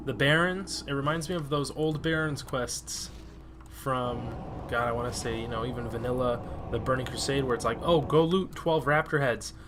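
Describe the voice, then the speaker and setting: A man's voice: medium pitch, steady tone, normal speed, noisy background. A man chatting casually over his gameplay as a let's-play host, easily exasperated and swearing freely. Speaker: gaming video host.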